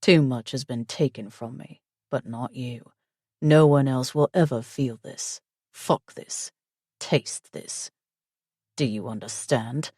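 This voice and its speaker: A woman narrator voicing a possessive, commanding young mafia husband in a low, husky, domineering tone for an audiobook. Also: slow, a little mellow, no room sound, clean studio sound, full character voice. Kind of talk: audiobook character voice.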